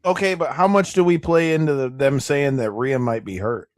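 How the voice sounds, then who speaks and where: A man's voice: mid-range voice, moderate pace, no echo, studio quality. A man co-hosting a casual wrestling watch-along, blunt, opinionated and teasing. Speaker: wrestling show co-host.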